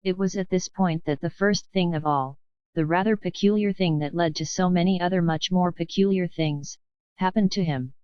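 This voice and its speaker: A woman narrating a children's audiobook in a measured, expressive reading. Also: on the low side, smooth, no echo, highs cut off. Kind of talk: scripted storybook narration.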